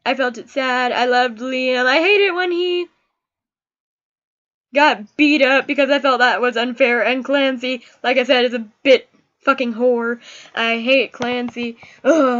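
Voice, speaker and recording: A woman's voice: high voice, fairly even intonation, unhurried, a bit bright, highs cut off. A young woman giving a casual, emotional book review, gushing about the characters she loved and hated.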